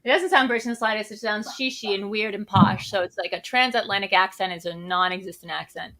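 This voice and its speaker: A woman co-hosting a casual movie chat show, excitable and quick to react, reading out live chat messages. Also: medium pitch. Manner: excitable, swears, reads live chat aloud. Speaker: co-host.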